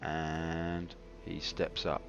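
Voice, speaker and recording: A man's voice: extremely low pitch, monotone, extremely slow, creaky. A man commenting on his game live, chatty, wry and self-mocking. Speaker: game streamer. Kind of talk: casual live-stream commentary. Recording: slightly dull stream audio with faint game music.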